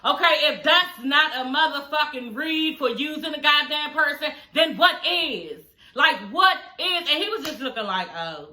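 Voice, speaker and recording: Animated, bright-voiced woman vlogger talking slangy. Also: high voice, normal speed, roomy sound. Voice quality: slightly slurred speech from new dental aligners. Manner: animated and slangy, laughs often. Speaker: reality TV review vlogger. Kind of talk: casual recap chat. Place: at home.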